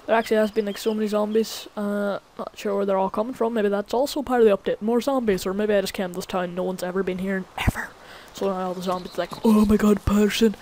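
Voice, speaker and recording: A woman's voice: mid-range voice, level tone, quick pace, few pauses, darkish tone. A woman casually commenting on her own gameplay as a gaming channel host, chatty and easily startled. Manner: jumpy, swears when startled, chatty. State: recently sick.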